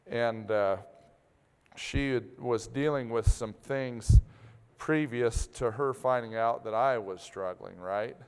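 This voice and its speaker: A man speaks candidly to a live audience. He talks slowly and plainly, stopping and restarting mid-thought. His voice is gravelly yet smooth, carried by the long reverb of a large hall. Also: mid-range voice, a little mellow. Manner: open, plainspoken, halting with restarts. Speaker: agricultural producer speaking to an audience. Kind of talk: candid personal talk.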